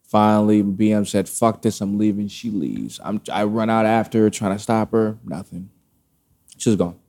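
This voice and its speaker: A man casually telling a personal story, candid and animated, acting out the dialogue. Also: lowish voice, normal speed, creaky. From Brooklyn, New York family roots.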